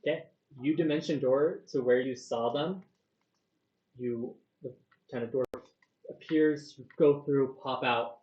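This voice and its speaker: A woman's voice: a bass voice, a little slow, mellow. A woman narrating a tabletop game as game master, loose and full of fillers. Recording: dull, echoey room recording.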